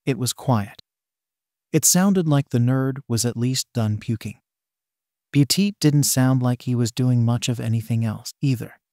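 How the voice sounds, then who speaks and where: A man narrating a fan fiction story at a steady pace. His voice sits at a middling pitch, and the recording is dry and close. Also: measured pace, dry recording.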